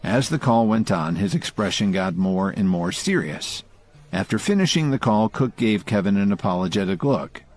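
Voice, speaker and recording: A man reading scripted audio-drama narration in a calm storytelling manner. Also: fairly low pitch, moderate pace, soft background music.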